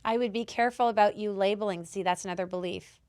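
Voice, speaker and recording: A woman hosting a podcast, telling stories in casual chat, swearing freely and acting out quotes with a loud, lively voice. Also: medium pitch, fast. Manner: animated storyteller who swears and acts out quotes loudly. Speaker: podcast host. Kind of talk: casual chat, coaching advice.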